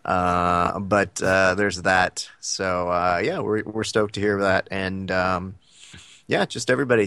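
A man's voice: on the low side, a bit bright, no echo, clean studio sound. A man co-hosting a podcast, chatting casually and rambling with many fillers. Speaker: podcast co-host. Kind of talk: casual chat.

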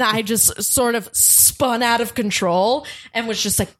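Animated woman telling a story, dry sound. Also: medium pitch, moderate pace, few pauses, no room sound. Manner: animated, laughs often, swears, acts out quoted voices. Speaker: podcast guest. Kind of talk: casual storytelling.

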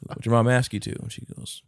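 A man co-hosting a podcast in casual chat, telling animated stories and acting out quotes. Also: mid-range voice, vocal fry, dry recording, studio quality. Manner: animated storyteller, acts out quotes. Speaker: podcast co-host.

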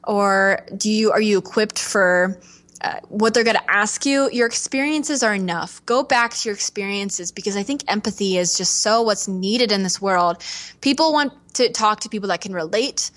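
A young woman speaks as a podcast guest in an earnest, heartfelt way. She talks with animation and slips into the voices of people she quotes. Her pitch sits in a middling range. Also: normal speed, a bit bright. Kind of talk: candid podcast interview.

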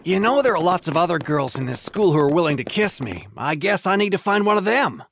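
A woman's voice: on the low side, very animated, a little fast, gravelly, pitched below the performer's own voice, exaggerated voice. A woman voicing a pushy, smug teenage boyfriend in a storybook tale, in a near-natural voice.

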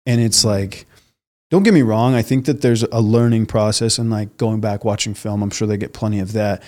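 A man's voice: lowish voice, steady tone, normal speed, darkish tone. A man who works as a bodywork therapist, a guest on a podcast, speaking earnestly and eagerly with many restarts and fillers. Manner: earnest and enthusiastic, frequent restarts and "um", "like". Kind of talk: casual conversational interview.

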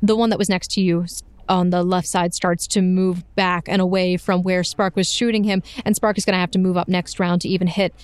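A woman narrating as game master of a tabletop game, lively and playful, often laughing. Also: fairly low pitch, a little fast, clear, resonant tone, no echo.

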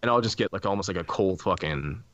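Low-voiced man swearing through stories. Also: fast talker, highs cut off. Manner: swearing, animated storytelling with many restarts. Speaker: podcast host. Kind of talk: casual podcast chat about ghost stories.

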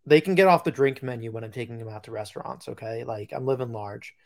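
A man's voice: medium pitch, fast, creaky, a little mellow. A man co-hosting a podcast in casual chat, telling stories in a rambling way, with plenty of fillers and acted-out quotes. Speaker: podcast co-host.

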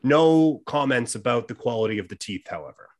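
A man's voice: mid-range voice, animated, brisk. A man co-hosting a podcast, reading true-crime notes in a casual chat and dropping dry asides. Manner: dry asides while reading, hums dramatic "bum bum". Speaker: podcast co-host.

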